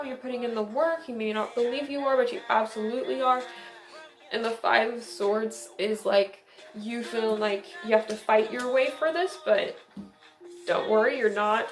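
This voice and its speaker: Young woman, tarot reader, bubbly and giggly, slightly high voice, echoey room with music behind. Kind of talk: casual tarot reading.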